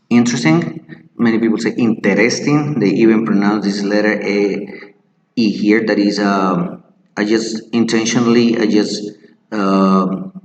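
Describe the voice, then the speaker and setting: Man, low voice, patient English teacher modeling words, roomy echo. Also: darkish tone. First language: Spanish. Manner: explains step by step, models words slowly and repeats them. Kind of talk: screen-share teaching lesson.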